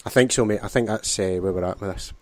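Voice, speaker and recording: A man's voice: on the low side, quick pace, darkish tone. A man hosting a podcast interview, teasing his guest in matey banter.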